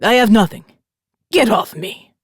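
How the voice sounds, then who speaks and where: A woman voicing a rough young Italian man with an Italian accent, sneering and pleading by turns. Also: medium pitch, animated, unhurried, dry recording, clean studio sound, pitched above the performer's own voice. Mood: defiant.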